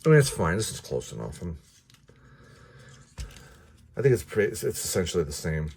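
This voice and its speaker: A man's voice: deep voice, sing-song, fairly quick, gravelly, darkish tone, husky. A man casually reviewing action figures, rambling with many restarts and the odd curse. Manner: offhand, mildly profane. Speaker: toy reviewer.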